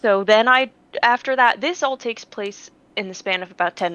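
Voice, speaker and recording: A woman's voice: on the high side, normal speed, a bit bright, clear, resonant tone. A woman telling a story in casual chat. She is blunt and swears freely, and she acts out what other people said. The audio sounds dull and lo-fi. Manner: blunt, profane, quotes people. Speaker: player.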